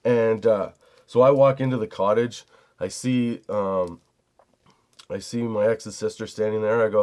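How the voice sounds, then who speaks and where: Podcast host, middle-aged man, low-pitched, profane heated storyteller. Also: fairly even intonation, moderate pace, darkish tone. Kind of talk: storytelling monologue.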